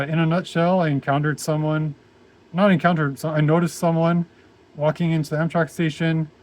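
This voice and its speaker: Young man, vlog storytelling, hesitant, rambling, many restarts, slightly high voice. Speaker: vlogger. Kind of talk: casual personal storytelling.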